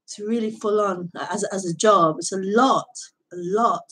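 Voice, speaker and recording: A woman hosting a live spiritual talk, speaking in a relaxed, hesitant way, repeating words and laughing softly between thoughts. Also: mid-range voice, slightly rough, rough recording. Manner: slow, hesitant, halting speech that repeats words. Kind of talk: casual, reflective live talk.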